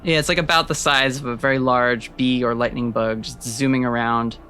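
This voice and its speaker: A man narrating as game master of a tabletop role-playing game, setting scenes in a measured, descriptive way. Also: medium pitch, steady tone, pushed and bright, faint music behind.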